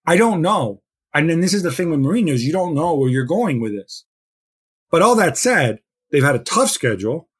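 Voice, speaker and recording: A man giving opinions as a football pundit in a casual podcast discussion, animated and thinking aloud. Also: mid-range voice, husky.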